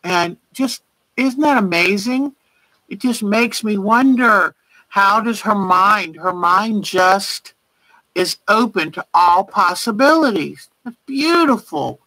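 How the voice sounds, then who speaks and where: A woman's voice: mid-range voice, lively intonation, takes it slowly, sharp tone, slightly rough, no room sound, rough recording. A woman hosting a casual quilting livestream, chatty and gushing with praise as she shows viewers' work by name. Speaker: quilting show host. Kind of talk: casual livestream show-and-tell.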